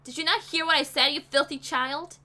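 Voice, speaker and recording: A woman's voice: high voice, fairly even intonation, fairly quick, sharp tone. A woman voicing a rude, scornful shopkeeper. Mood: scolding. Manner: harsh, scornful and bossy.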